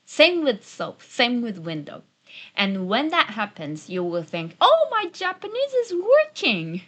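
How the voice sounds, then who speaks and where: A woman teaching travel phrases, modeling them slowly and deliberately in a friendly lesson. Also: medium pitch. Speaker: Japanese language teacher. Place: New Zealand-based channel. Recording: soft background music.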